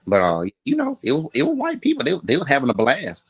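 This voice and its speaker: A man in a relaxed podcast chat, easing through a story with plenty of asides. His voice sits at an ordinary middle pitch. The sound is dry and close, with no room around it. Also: quick pace, breathy edge, no room sound. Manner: laid-back storyteller with repeated asides. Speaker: podcast co-host. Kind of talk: casual chat.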